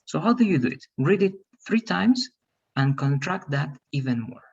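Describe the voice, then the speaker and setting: A man's voice: a little high, lively intonation, normal speed, vocal fry, a little mellow, breathy edge, lo-fi sound. A man teaching English pronunciation over a video call, patient and repetitive, calling on students by name. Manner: patient, repeats okay and right, calls on students by name. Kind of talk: online class teaching.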